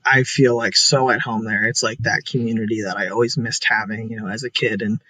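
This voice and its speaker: A man's voice: on the low side, steady tone, brisk, bright, forceful tone, breathy edge, no echo, rough recording. A young man talking casually and earnestly as an interview guest, full of "like" fillers.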